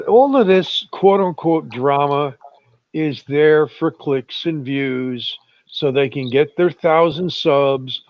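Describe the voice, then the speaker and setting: A man in casual online talk, drawling slowly and chuckling as he tells stories. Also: medium pitch, dry recording. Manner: slow, drawling storyteller, chuckles often. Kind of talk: casual chat. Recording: muffled lo-fi voice chat.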